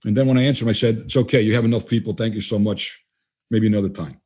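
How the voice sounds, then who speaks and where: A man's voice: fairly low pitch, steady tone, racing, a little mellow. A man guesting on an interview, talking bluntly and emphatically and acting out bits of dialogue. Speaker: guest trainer. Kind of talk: casual interview talk.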